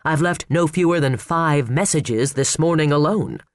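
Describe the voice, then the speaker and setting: A man voicing a cool, controlled male defense lawyer with a smooth, menacing manner, in an audiobook. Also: a little high, moderate pace, no room sound, clean studio sound, lightly acted. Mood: coolly menacing.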